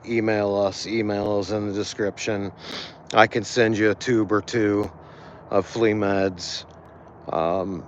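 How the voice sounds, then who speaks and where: A tired man talks casually as an animal rescue volunteer in a livestream walkthrough, halting often and filling pauses with fillers and restarts. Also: on the low side, muffled recording, slight background noise. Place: outdoors by a cat shelter.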